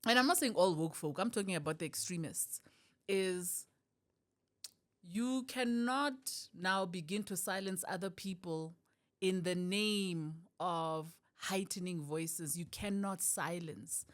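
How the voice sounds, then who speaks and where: Animated South African woman comedian. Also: fairly low pitch, slow pace. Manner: animated, laughs often, switches voices for quotes. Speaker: comedian guest. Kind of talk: podcast interview.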